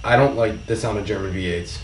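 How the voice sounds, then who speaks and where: A man's voice: on the low side, a little fast. A young man co-hosting a casual car podcast, laid-back and cursing now and then. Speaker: podcast co-host. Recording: echoey room, mic far off, audible noise.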